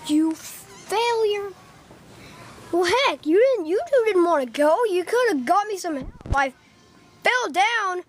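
High, lively woman voicing a squabbling skit. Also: normal speed, slight background noise. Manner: squabbling, jumps between high and low character voices. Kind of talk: homemade fan skit, one performer voicing every role.

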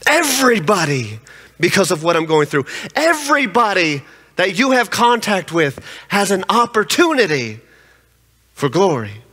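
A man preaching a sermon, telling his stories with emphasis in a high voice. His tone is bright and forceful. A long church reverb follows every phrase. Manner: emphatic storytelling. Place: church sanctuary.

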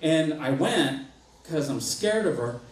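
A man's voice: a little high, lively intonation, slow pace, very noisy. A young man doing stand-up comedy in a self-mocking, rambling way, with frequent restarts. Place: comedy club stage. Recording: echoey club, far mic, laughing crowd.

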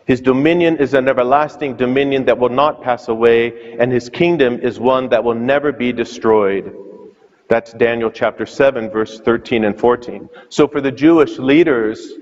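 A man's voice: mid-range voice, normal speed, a little mellow. A man preaching a sermon as a priest, telling the story with questions to the listeners. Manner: storytelling, asks questions aloud. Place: church. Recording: muffled reverberant church sound.

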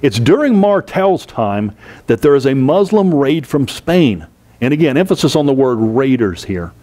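Brief: male history lecturer, mid-pitched, talks to a class, repeats and slows on key terms. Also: very animated, dark tone. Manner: explains with repetition and rhetorical questions, slows to stress key terms.

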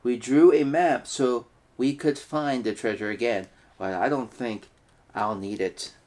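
A man's voice: medium pitch, unhurried, darkish tone. Upbeat man reading picture books aloud. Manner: upbeat, playful sign-offs. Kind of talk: children's picture book reading.

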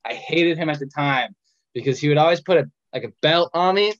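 A man's voice: fairly high pitch, brisk, fairly bright tone, no echo. Young guy in his 20s on a video call, joking self-mocking storytelling, kinda muffled dry audio. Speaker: patient sharing his story. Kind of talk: casual storytelling.

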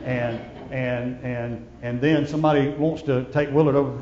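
Preacher swinging loud to hushed. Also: male voice, medium pitch, flat delivery, moderate pace, big-room sound, muffled recording. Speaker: pastor. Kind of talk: sermon.

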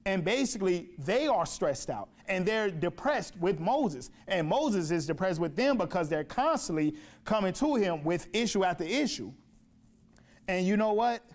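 A man's voice: high voice, expressive, moderate pace. A man preaching a sermon in a church, emphatic, repeating phrases and asking rhetorical questions. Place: church sanctuary.

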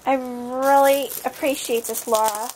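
A woman's voice: sits high, steady tone, a little slow, darkish tone, slight background noise. A woman vlogger opening presents on camera and gushing over each one with repeated exclamations. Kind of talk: casual unboxing chat.

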